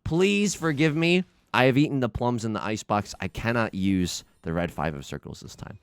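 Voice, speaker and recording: A young man casually commenting on his own game play, jokey and animated, talking to his chat with sudden loud outbursts. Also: a little high, no room sound. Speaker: let's play streamer.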